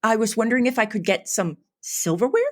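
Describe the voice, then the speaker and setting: A woman's voice: on the high side, fairly quick, voice pushed up, close to an everyday voice. A woman improvising as a polite, puzzled restaurant customer making slightly plaintive requests.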